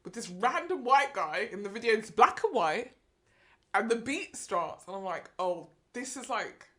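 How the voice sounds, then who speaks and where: A woman, co-hosting a podcast in casual chat, animated and laughing often. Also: moderate pace. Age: 30s. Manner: animated, laughs often, jumps into high excited bursts. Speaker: podcast co-host.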